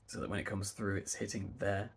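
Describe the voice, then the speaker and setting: A man with a British RP accent and a stuffy nose, coaching pronunciation by stretching vowel sounds very slowly. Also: lowish voice, flat delivery, slight background noise. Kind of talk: slow demonstration of vowel sounds.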